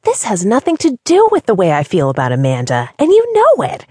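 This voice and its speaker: A woman's voice: lowish voice, sing-song, moderate pace, dark tone, husky, dry recording, studio quality, voice pushed up, full character voice. A woman voicing an anxious but determined young woman who pleads and pushes her point, at times heatedly. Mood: angry. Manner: pleading, rising to heated insistence.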